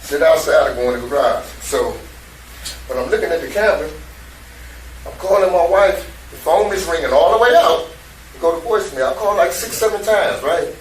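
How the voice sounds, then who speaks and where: A man's voice: a little high, lively intonation, a little fast. A man, retelling events to detectives in a profane, streetwise, repetitive way. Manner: profane, streetwise, repeats himself. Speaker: interviewee recounting events to detectives. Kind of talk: emotional casual retelling. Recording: echoey room from a distance, faint noise.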